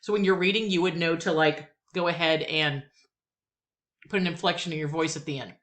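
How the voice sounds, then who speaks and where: A woman teaching a Spanish lesson, patiently repeating each phrase slowly twice, with chatty asides between drills. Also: sits low, fairly even intonation, a bit bright. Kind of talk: language lesson.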